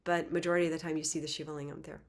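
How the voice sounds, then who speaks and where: A woman giving a spiritual talk, telling a myth in a lively, conversational way with casual asides. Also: deep voice, racing. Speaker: spiritual teacher. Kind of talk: casual storytelling lecture.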